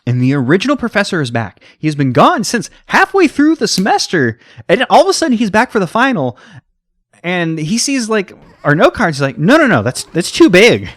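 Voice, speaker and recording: Rambling young American man, lively pitch. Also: a little fast, no room sound, clean studio sound. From United States. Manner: rambling, tangent-prone, heavy on fillers. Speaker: let's play host. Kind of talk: casual gameplay commentary.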